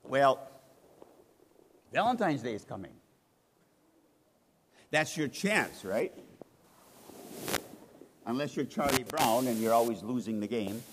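A male pastor preaching a sermon, animated, acting out voices of the people he quotes. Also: medium pitch, slow pace, long pauses. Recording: reverberant hall, faint noise.

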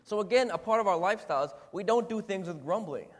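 A man's voice: high voice, lively intonation, fast talker. A man preaching a sermon in a church hall, talking conversationally and asking the congregation rhetorical questions. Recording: echoey hall with long reverb.

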